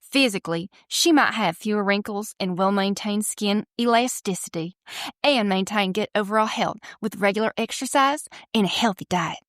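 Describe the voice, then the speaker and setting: A woman's voice: mid-range voice, normal speed, fairly bright tone, dry recording, clean studio sound, close to an everyday voice. A woman voicing a prim Southern lady, reading a list of advice in a mock-formal way as a comic put-on.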